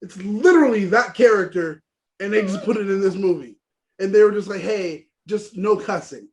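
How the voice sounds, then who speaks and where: Animated high-voiced man in blunt chat. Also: brisk. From Haiti. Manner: blunt, animated, swears freely. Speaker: podcast co-host. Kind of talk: casual podcast chat.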